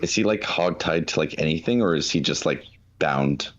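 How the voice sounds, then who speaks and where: A man's voice: rumbling low, moderate pace. A man playing in a tabletop role-play game, casual and full of fillers. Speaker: player.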